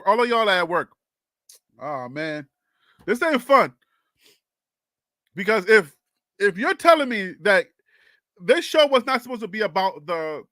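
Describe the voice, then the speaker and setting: On his laid-back sports stream, a young host from Liberia makes his case with lively energy and plenty of laughter, challenging the audience to argue back. His voice is high and sharp, recorded dry and up close.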